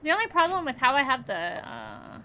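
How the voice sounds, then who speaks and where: A woman streamer giving casual, halting commentary over her game, self-deprecating with many fillers, at a desk mic. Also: high voice, wildly swooping pitch, bright, forceful tone, slight background noise.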